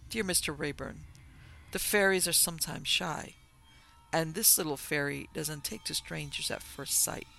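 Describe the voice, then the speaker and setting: A man reading a flattering, effusive gentleman in an audiobook, full of elaborate courtesy. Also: a little high, normal speed, creaky, faint music behind. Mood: gushing. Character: oily, flattering middle-aged gentleman.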